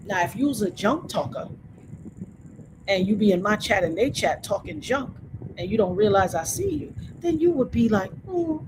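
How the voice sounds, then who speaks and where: A woman's voice: medium pitch, background noise. A woman hosting a livestream, talking straight to her viewers in an emphatic, preachy way. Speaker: livestream host. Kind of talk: casual livestream rant to chat.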